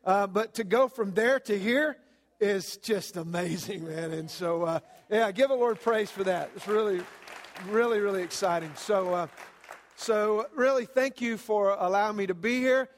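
Folksy Southern pastor, high voice. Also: male voice, normal speed, a faint crowd. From American South. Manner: folksy, filler-heavy, lots of "uh" and "man". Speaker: guest pastor. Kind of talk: sermon with humorous stories. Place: church sanctuary. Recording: long reverb of a church hall.

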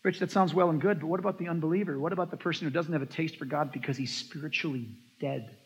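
A man's voice: on the high side, fast, slightly rough. A man preaching a sermon as a pastor, telling stories and acting out the voices of the people in them. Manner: animated storytelling, acts out quoted voices. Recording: dull lo-fi sound in a long-echo hall.

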